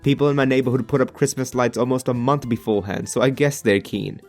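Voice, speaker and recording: An Australian man talks through a scripted vlog with a wry, joking edge. His voice sits at an ordinary middle pitch. Soft music plays faintly underneath. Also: fairly even intonation, fast. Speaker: YouTuber.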